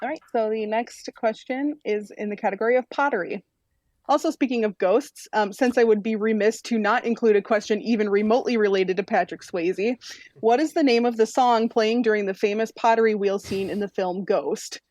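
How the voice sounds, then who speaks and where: A woman hosting a trivia podcast, reading questions in a clear, measured way. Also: a little high, fairly even intonation, a little mellow, no echo. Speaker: quiz host.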